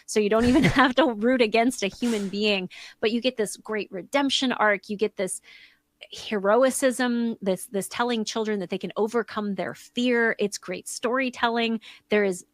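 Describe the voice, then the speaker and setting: A woman in her thirties reviewing films in a casual, enthusiastic chat, full of quick asides. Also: fairly high pitch, no echo. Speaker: film reviewer guest.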